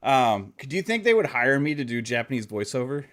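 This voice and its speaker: A man's voice: medium pitch, sing-song, fairly quick. Joking podcast host, laughing man. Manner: laughs often, reads chat shout-outs, joking. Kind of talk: casual podcast chat.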